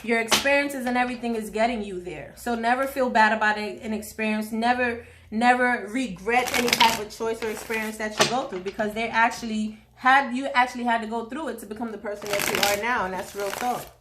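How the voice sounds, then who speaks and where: A woman's voice: a little high, fairly even intonation, a little fast, heavy background noise. A woman from Haiti giving a casual tarot reading, slangy and chatty with jokey asides. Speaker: tarot reader.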